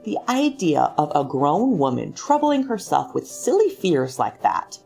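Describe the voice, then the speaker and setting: A woman reading a frantic housewife who talks herself down in slow, measured lines. Her pitch swings widely, and a gravelly fry sits under the words. Soft music plays faintly behind her. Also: huge pitch swings, full character voice. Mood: anxious. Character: anxious housewife, middle-aged, inwardly frantic.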